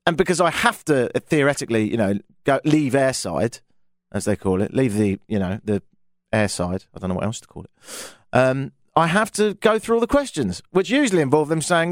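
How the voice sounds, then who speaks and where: A man's voice: mid-range voice, very animated, brisk, no room sound, clean studio sound. A British man hosting a talk radio show, telling rambling stories with wry, exasperated asides. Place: radio studio.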